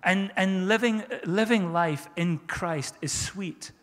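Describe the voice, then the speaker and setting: Pastor, male, higher register, fervent preaching with repeated emphatic phrases, reverb of a church hall. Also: takes it slowly, fairly bright tone. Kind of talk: sermon.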